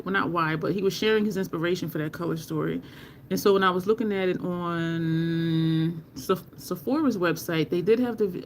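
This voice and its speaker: Slow, rambling woman chatting to live viewers. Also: fairly low pitch, a little hiss or hum. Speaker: makeup livestream host. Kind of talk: casual livestream chat.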